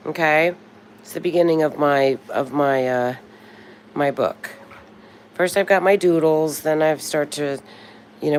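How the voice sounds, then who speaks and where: A woman's voice: low-pitched, creaky, a little mellow, slight background noise. A woman in her sixties chatting casually on a live stream, talkative and swearing freely when frustrated. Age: 60s.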